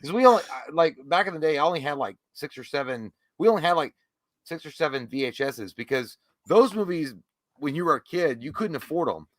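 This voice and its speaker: A man in his thirties co-hosting a movie podcast, telling animated, profane stories in casual chat. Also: a little high, brisk, dry recording. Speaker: podcast co-host.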